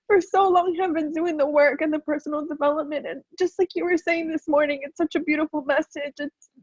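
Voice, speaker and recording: A woman's voice: high voice, no room sound, muffled recording. A woman calling in to a group call, sharing in an earnest, emotional way while close to tears. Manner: earnest and searching. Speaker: caller.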